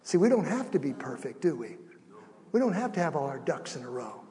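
A middle-aged man preaching a sermon as pastor, animated, shifting between soft and loud with acted asides. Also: on the high side, a little fast, big-room sound. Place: church sanctuary.

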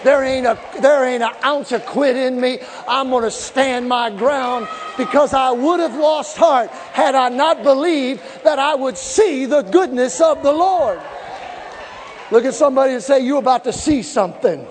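A man preaches with fervor in a very high voice, shouting out lines and throwing questions back to the congregation. His voice rings through a big hall with a long echo. Behind him comes a faint murmur of the crowd and some low noise. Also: normal speed. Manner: fervent preaching, shouting and call-and-response. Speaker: pastor. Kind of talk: sermon. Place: large church hall. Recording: echoey hall with live congregation.

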